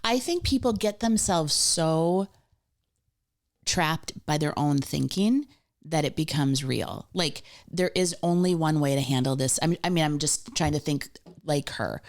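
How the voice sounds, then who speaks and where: Woman co-host, low voice, relaxed conversational banter. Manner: quick to laugh, responsive, conversational. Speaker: podcast co-host. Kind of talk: casual chat.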